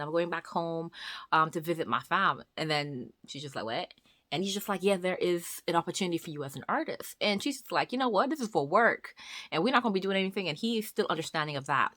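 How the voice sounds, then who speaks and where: A woman chatting casually through a book review, animated and talkative, acting out the characters as she retells the plot. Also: lowish voice, no room sound. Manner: animated, chatty, quick asides and voiced retellings.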